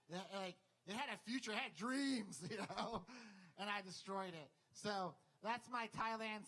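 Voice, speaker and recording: A man doing live stand-up as comic and emcee, telling a story in an animated way and acting out the sounds, on a club stage mic. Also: high-pitched, rough recording. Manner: animated, acts out sounds and voices.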